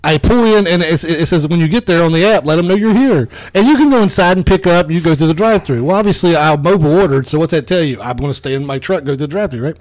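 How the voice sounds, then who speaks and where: Animated storytelling man, fairly high voice. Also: fast talker, few pauses, dry recording. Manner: animated storyteller, swears, quotes others. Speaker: podcast co-host. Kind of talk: casual comedic chat.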